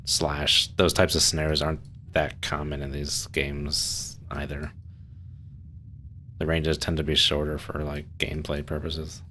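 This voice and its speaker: A man's voice: extremely low pitch, completely flat delivery, measured pace, bright, forceful tone, a little hiss or hum. A man chatting casually on a live stream while playing a submarine game, rambling with fillers and restarts.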